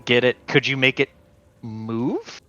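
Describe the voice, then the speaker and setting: A man's voice: medium pitch, animated, slow, pushed and bright, lo-fi sound. A man playing a tabletop game, brainstorming plans and thinking aloud in casual chat.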